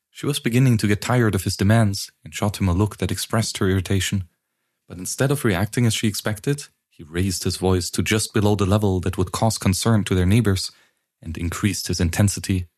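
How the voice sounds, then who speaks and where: Low-voiced guy reading a novel aloud, steady pace. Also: normal speed. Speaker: narrator. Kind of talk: audiobook narration.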